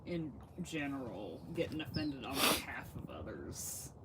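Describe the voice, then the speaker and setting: A man's voice: medium pitch, big pitch swings, unhurried, heavy background noise. A man co-hosting a podcast, adding short remarks and agreement in casual chat. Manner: brief interjections and comments.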